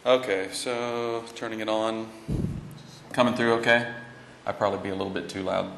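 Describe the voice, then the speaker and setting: A man with a Texan drawl presenting at a conference. His voice is on the low side, and his delivery is easygoing and joking, full of "uh"s. The room echoes and there is a faint hiss. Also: steady tone, moderate pace, gravelly. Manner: folksy and joking, with many fillers. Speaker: law school technology director.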